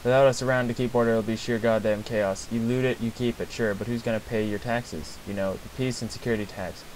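A man voicing a swaggering male bandit boss in a game, with a low tough-guy drawl full of slang. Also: fairly even intonation, fairly quick, darkish tone, a little hiss or hum, natural voice, poor audio. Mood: menacing.

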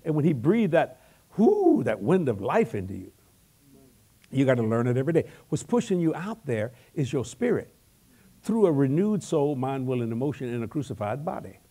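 An older man preaching a comic, animated sermon, with sudden shouts, laughing asides and folksy grammar. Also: medium pitch, normal speed, husky. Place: large church hall.

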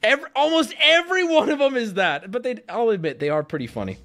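Animated, profane male streamer. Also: extremely high pitch, fast. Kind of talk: casual live-stream chat.

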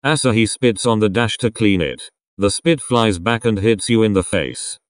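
A young man giving casual reaction commentary in a rambling, sarcastic way with quick asides. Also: lowish voice. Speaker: reaction video host.

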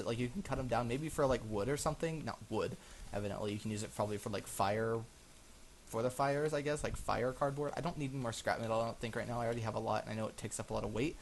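A man's voice: mid-range voice, fast talker, slight background noise. A man narrating a survival game as he plays, easily frightened, gasping and exclaiming while he chats to his viewers. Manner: chatty, talking to viewers as he plays. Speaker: gaming channel host. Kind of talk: let's-play commentary.

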